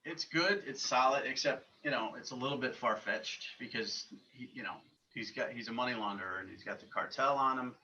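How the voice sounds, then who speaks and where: A man's voice: medium pitch, fairly quick, hardly any pauses, sharp tone, a little hiss or hum. A man from the Northeastern US, a recruiting analyst on a casual podcast, giving blunt, confident opinions over distant, dull remote audio.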